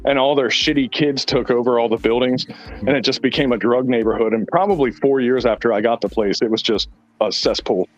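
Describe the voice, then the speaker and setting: A man's voice: mid-range voice, a little fast, faint music behind. Blunt, profane man telling stories. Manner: rambling storyteller, profane and blunt. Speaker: podcast host. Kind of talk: casual chat. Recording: dull lo-fi sound.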